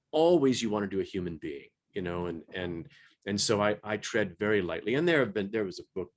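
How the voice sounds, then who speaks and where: A middle-aged man, an audiobook narrator, talking animatedly on a panel, often restarting and repeating his words. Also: fairly low pitch. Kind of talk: panel discussion.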